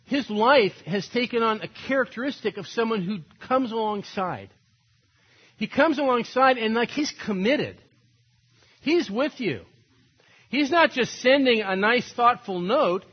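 A man's voice: very high-pitched, lively intonation, unhurried, breathy edge, dull audio. An older man preaching a sermon, telling stories animatedly and acting out quoted voices. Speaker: pastor.

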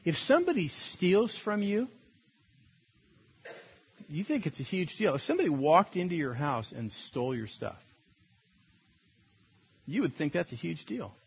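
A man's voice: fairly high pitch, sing-song, measured pace, vocal fry, long pauses, breathy edge, muffled recording. A man preaching a sermon as a pastor, in a conversational, storytelling way that laughs at its own points.

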